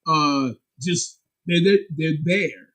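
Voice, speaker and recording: A man, a comic book publisher and guest, chatting casually in an animated, candid, slangy way. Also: slow, low-quality recording. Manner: animated and emphatic, sharp jumps in pitch. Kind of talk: casual chat.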